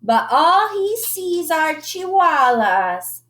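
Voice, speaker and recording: A woman's voice: very high-pitched, very animated, very slow, fairly bright tone, echoey room, voice pushed up, full character voice. A woman voicing a group of young kitten sisters in a teasing, sing-song way.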